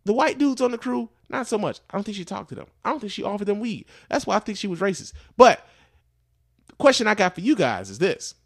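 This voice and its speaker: A man's voice: high voice, quick pace, no echo, studio quality. Profane, rambling male podcast host. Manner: profane, animated, lots of fillers. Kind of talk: casual storytelling.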